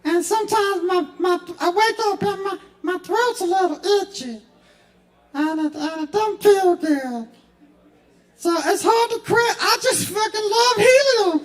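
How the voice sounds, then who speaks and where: Man voicing a squeaky drawl, very high, slow rambling, pleading guy. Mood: whining. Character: squeaky helium-voiced addict guy, rambling.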